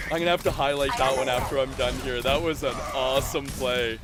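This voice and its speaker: A Canadian streamer with a medium-pitched voice commentates live on his own gameplay over game music. He's excitable, laughs easily, and shouts at big plays.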